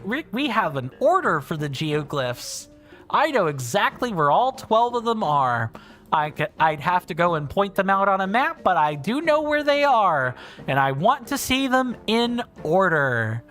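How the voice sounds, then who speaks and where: A man's voice: sits high, animated, a little slow, a bit bright, faint music behind. A man chatting casually and rambling while livestreaming a video game, thinking aloud and restarting sentences. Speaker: streamer. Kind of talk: casual livestream chat over gameplay.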